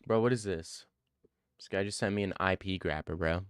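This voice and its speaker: A man's voice: deep voice, moderate pace, clean tone, no room sound, studio quality. A young adult man streaming live, chatting casually and answering his viewers' questions in a laid-back, rambling way. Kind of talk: casual chat reading live chat.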